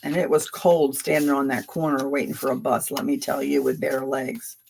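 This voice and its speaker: A woman's voice: extremely low pitch, little pitch movement, moderate pace, vocal fry, a little mellow, a little hiss or hum. A woman in her seventies from Philadelphia, reading tarot on a livestream and chatting casually, rambling from story to story with frequent laughter. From Philadelphia, USA. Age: 70s. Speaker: tarot reader hosting a livestream.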